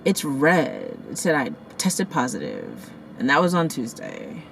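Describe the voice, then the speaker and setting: A woman vlogging in a casual storytelling style outdoors, shaken and in shock, talking fast and cursing as she retells a crash and acts out what people said. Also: extremely low pitch, creaky, a little hiss or hum, low-quality recording. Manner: profane, animated, rants and acts out quotes. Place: outdoors near a parking lot by the beach.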